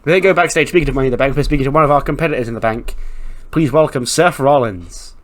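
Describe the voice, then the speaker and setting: A man's voice: mid-range voice, fast. A man hosting a let's-play, narrating a wrestling management game in casual, profane, joking commentary.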